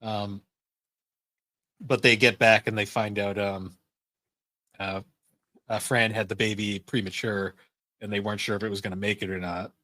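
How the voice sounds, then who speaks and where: A man's voice: fairly low pitch, flat delivery, moderate pace, long pauses, bright, forceful tone, no echo. A man co-hosting a podcast in casual chat, rambling with many fillers and frequent laughs. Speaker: podcast co-host.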